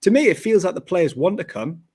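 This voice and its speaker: A man's voice: high-pitched, big pitch swings, brisk, darkish tone, husky. A man co-hosting a football podcast in casual chat, emphatic and given to repeating phrases like "to be honest". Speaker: podcast co-host.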